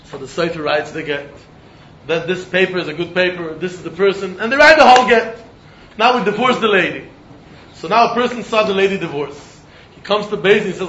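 A man teaching a Talmud lesson, animated, often repeating words as he thinks and breaking into laughs. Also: sits high, a little fast. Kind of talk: Talmud study lecture. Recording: roomy, muffled recording with faint background noise.

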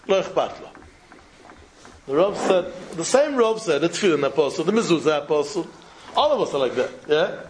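A man's voice: a little high, sing-song, brisk, slight background noise, rough recording. Man giving a parable-filled Torah talk. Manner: storytelling, mixes Hebrew and Yiddish terms, repeats phrases for emphasis.

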